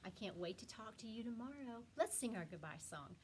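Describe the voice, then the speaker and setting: A woman teacher reading a rhyming picture book aloud to children with expressive, animated storytelling. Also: on the high side, brisk, background noise.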